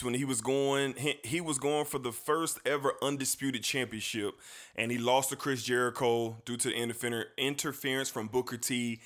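A man hosting a sports talk show, chatting casually and easily, often repeating words as he goes. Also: mid-range voice. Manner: relaxed, repeats words, slangy. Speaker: sports podcast host.

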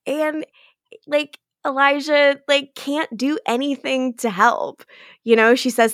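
A woman co-hosting a casual TV recap podcast, chatty and rambling, quick to laugh. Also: high-pitched, fairly even intonation, a bit bright, no room sound, studio quality. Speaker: podcast co-host. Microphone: remote call mic.

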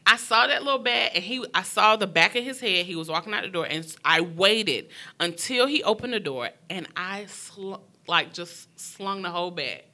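A young woman candidly telling a personal story, talking frankly and emotionally in quick bursts. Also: medium pitch, expressive, sharp tone. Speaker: guest sharing her story.

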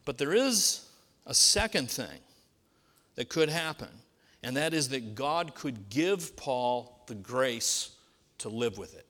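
A man's voice: mid-range voice, big pitch swings, slow, bright, forceful tone, long reverb tail. A pastor preaching a sermon in a conversational way, asking his listeners rhetorical questions.

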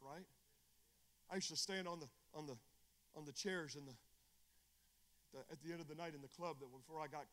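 Fervent high-voiced man preaching. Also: a little fast. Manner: fervent, exhorting, with repeated phrases and restarts; swings between loud bursts and low, confiding talk. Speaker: evangelist. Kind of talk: preaching at a Bible study.

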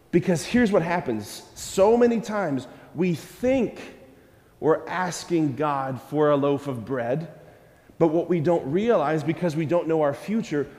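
Male preacher with a high voice, animated sermon delivery, reverberant church hall. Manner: animated, acts out prayers in a raised voice, engages listeners with questions.

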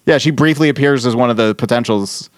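A man on a casual podcast, retelling a TV episode in animated bursts and quoting the characters as he goes. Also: mid-range voice, fast talker, no echo, clean studio sound. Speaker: podcast host. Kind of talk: casual chat recapping a TV episode.

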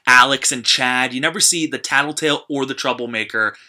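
A young man chats loosely as a podcast host, stringing thoughts together with frequent "like"s. His voice sits at an ordinary male pitch but sounds very bright and forward. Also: brisk. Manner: chatty, heavy use of "like". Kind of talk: casual podcast chat.

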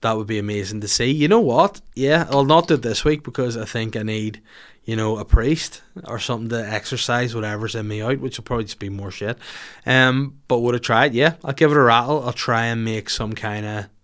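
A man's voice: mid-range voice, fairly quick, a bit bright. A man in his thirties with a Northern Irish accent, hosting a podcast with a sweary, rambling, self-mocking comic rant. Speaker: podcast host.

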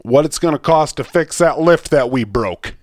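A fired-up man with a slightly high voice rants through a story on his podcast, swearing freely. The sound is close and dry with no room around it, like a studio mic. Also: animated, moderate pace, darkish tone, no room sound. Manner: ranting, profane, fired-up storytelling. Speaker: podcast co-host. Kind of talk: casual chat.

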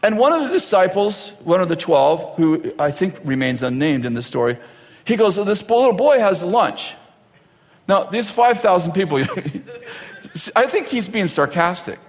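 A man's voice: sits high, big pitch swings. A man preaching a humorous sermon before a live audience, laughing often and acting out the dialogue of the story he tells. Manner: jokey, laughs often, acts out dialogue in quick voices. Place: large church hall before a live audience. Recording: reverberant hall with faint audience and noise.

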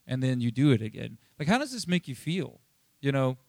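A pastor giving a casual, conversational sermon, chatty and animated, acting out Bible scenes in quick asides. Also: male voice, medium pitch, creaky, dry recording, studio quality. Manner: chatty, animated, acts out Bible quotes, many fillers.

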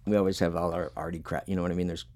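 A man's voice: deep voice, little pitch movement, very fast, a little mellow. A man chatting casually as host, telling long rambling stories with plenty of swearing and filler words. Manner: rambling, profane, laid-back storytelling. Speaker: podcast host and punk musician. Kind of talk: casual chat.

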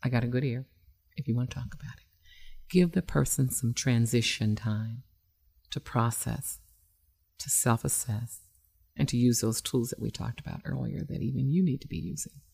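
Gravelly-voiced woman hosting radio advice. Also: rumbling low, moderate pace, a little mellow. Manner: conversational, emphatic, frequent fillers. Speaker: relationship expert radio host. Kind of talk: internet radio advice talk.

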